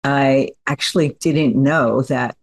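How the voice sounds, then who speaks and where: A woman guest on an interview podcast, telling stories in a lively way and acting out the voices she quotes. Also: extremely low pitch, slow pace, dry recording. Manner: lively storyteller who acts out quoted voices. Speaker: guest entrepreneur. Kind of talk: storytelling in an interview.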